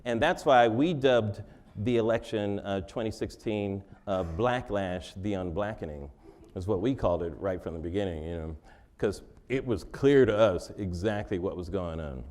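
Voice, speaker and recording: A man's voice: on the low side, moderate pace, a little mellow. A man answering interview questions in a joking, conversational way, laughing often. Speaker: interview guest.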